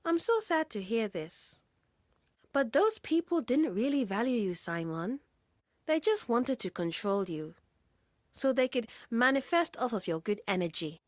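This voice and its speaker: A woman's voice: fairly high pitch, very animated, unhurried, dry recording, clean studio sound. A woman voicing a playful, joyful young woman in a storybook reading. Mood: tender. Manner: playful, exuberant.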